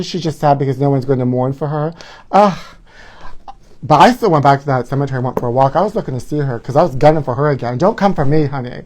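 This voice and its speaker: A man's voice: fairly high pitch, a little mellow. A man hosting a live gossip show by himself, campy and sassy, talking into his phone camera. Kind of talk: solo livestream chat. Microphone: phone camera filming himself.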